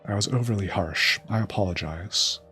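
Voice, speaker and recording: A man's voice: on the low side, normal speed, sharp tone, soft background music. A man reading out a proud, grieving male heron prince from a game. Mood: distraught.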